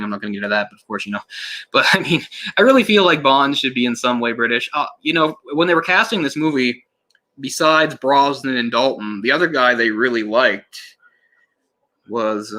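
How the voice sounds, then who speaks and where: Man, casual film commentary, rambling, self-correcting, bright tone. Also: medium pitch. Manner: rambling, self-correcting, laughs and swears in passing.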